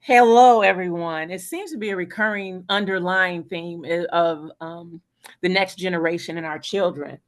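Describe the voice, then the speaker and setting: A woman, a teacher, speaks in a lowish voice as she earnestly shares a story on a call. She fills her sentences with ums and "and so" as she goes. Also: normal speed. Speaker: caller, teacher. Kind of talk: casual testimony on a call.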